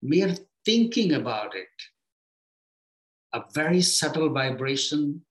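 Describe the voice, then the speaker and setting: A man giving a reflective spiritual talk as a teacher, unhurried, his voice sinking low and quiet at the ends of phrases. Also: very animated.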